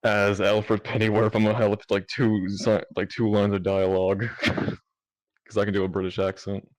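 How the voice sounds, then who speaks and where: A man's voice: fairly low pitch, level tone, normal speed, darkish tone. A man with a Southern accent from Mississippi, a guest voice actor speaking in an easygoing, plain way in a casual chat. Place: virtual reality chat room.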